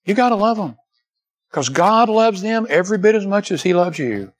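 An older man preaching a sermon in a slightly higher-than-usual voice. He swings between fervent, rising emphasis and soft, low moments, pressing the congregation with repeated rhetorical questions. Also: animated, moderate pace, low-quality recording. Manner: repeats "Can I tell you" and asks for amens. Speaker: pastor.

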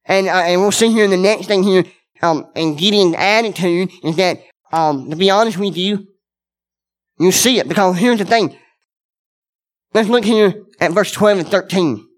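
A man's voice: high voice, moderate pace. A man preaching a sermon, earnest and conversational, speaking directly to his congregation and repeating key words for emphasis.

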